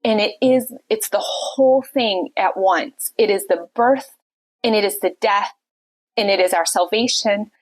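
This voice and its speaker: A woman's voice: medium pitch, unhurried. A woman hosting a Christian podcast, earnestly retelling a story and reflecting on it, sick and recording from her bed. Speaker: podcast host.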